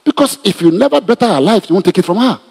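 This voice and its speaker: Male pastor, animated sermon delivery, husky tone, reverberant church. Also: sits high, quick pace. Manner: animated preaching with laughs and repetitions. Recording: reverberant hall.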